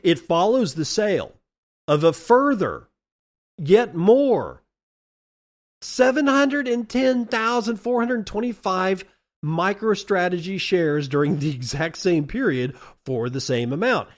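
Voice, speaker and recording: A man's voice: high voice, expressive, slow. A middle-aged man hosting a solo commentary podcast, sarcastic and ranting, stretching out words for emphasis. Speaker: podcast host.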